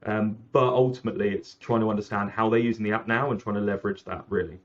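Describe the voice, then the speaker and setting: Fairly low-pitched and quick, with fairly even intonation, an app founder rambles through an interview as a guest, often correcting himself and peppering his speech with "like" and "um." The sound is lo-fi.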